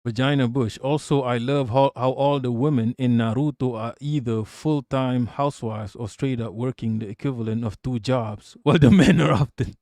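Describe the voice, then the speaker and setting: A man's voice: medium pitch, steady tone, moderate pace, few pauses, darkish tone, no room sound, studio quality. A man giving a heated, profane live-stream rant, often repeating words as he pushes on.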